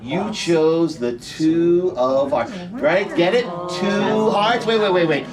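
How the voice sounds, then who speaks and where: A man's voice: sits high, takes it slowly, loud music behind the voice. A middle-aged man performing a comedy magic show on stage, bantering and teasing volunteers as he leads each trick. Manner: playful, teasing audience banter. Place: theater show room, recorded from the audience. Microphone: audience member's camera from the front row. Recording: distant stage voice with faint room noise.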